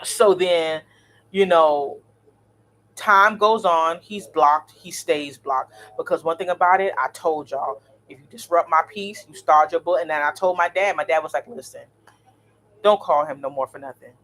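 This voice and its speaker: A woman, in her thirties, telling a story in a blunt, animated, cursing vlog style. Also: lowish voice, measured pace, a little hiss or hum. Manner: blunt, animated, swears freely. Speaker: vlogger.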